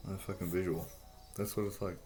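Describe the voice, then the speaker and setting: A man explaining a drawing in a rambling, halting way, swearing often and restarting his sentences. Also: low-pitched, fairly even intonation, warm tone, soft background music. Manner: profane, halting, full of restarts.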